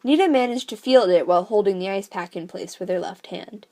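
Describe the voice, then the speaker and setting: Amateur woman reader, novel aloud, mid pitch, gushing profane asides. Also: brisk. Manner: excited, profane, rambling outbursts in commentary. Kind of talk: reading a novel aloud with commentary.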